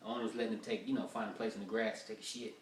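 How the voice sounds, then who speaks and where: A man with a lowish, flat voice fires off rough-draft stand-up stories rapidly, rambling and swearing casually. A distant mic gives the recording a roomy sound, plus a little hiss or hum.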